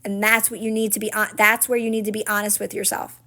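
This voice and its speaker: Speaking quickly in a medium-pitched, level voice that sounds pushed and bright, a manifestation coach answers viewers' comments during a live stream. She is earnest and encouraging, often checking in with "right?" and "guess what?".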